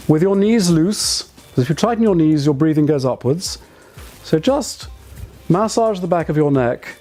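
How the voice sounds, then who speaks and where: A man teaching voice and speaking skills, giving calm, measured instruction and guiding the listener through exercises. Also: fairly high pitch. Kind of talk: instructional talk to camera.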